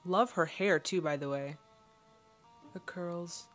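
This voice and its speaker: A woman's voice: lowish voice, slow pace, a bit bright, soft background music. A woman hosting a casual movie reaction, chatting and thinking aloud as the film plays.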